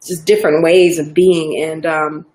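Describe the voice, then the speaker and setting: A woman's voice: low voice, level tone, measured pace, darkish tone. A woman from Georgia with a Southern American accent, a guest in a casual interview, chatting loosely with lots of fillers and restarts. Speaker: actor guest.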